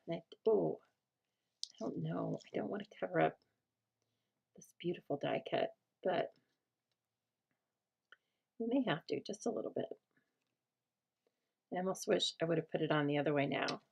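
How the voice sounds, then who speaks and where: A middle-aged American woman hosting a casual crafting chat, talking aloud as she works and often dropping to a soft murmur. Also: on the low side, gravelly, slightly rough. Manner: chatty, thinks aloud, drops to a soft murmur while working. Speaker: craft host.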